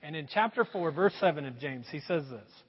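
Middle-aged male pastor, high, lively delivery, husky edge, dull echoey hall sound. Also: normal speed. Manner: animated, swings between loud emphasis and quiet asides. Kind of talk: sermon.

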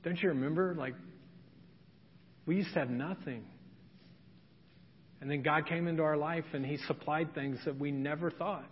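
A man doing a soft-spoken pleading army general. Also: on the high side, steady tone, normal speed, long pauses, slight background noise, pitched below the performer's own voice, close to an everyday voice. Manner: soft, urgent begging. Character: pleading male army general, lifelong friend. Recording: reverberant church hall, dull sound.

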